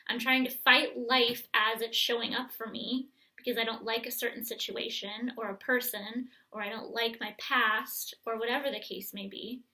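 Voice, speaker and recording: A woman coaching viewers through a guided self-help exercise, speaking gently and straight to the viewer. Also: fairly high pitch, steady tone, moderate pace, few pauses, rough recording.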